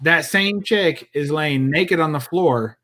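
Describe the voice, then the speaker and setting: A man's voice: on the high side, takes it slowly, pushed and bright. Rambling man telling a story. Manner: rambling, filler-heavy, acts out quotes. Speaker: podcast host telling a story. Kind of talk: casual storytelling chat.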